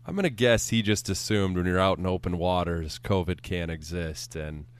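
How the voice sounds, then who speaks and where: A man's voice: deep voice, normal speed, clean tone. A man hosting a sports podcast, chatting casually with a dry, teasing humor.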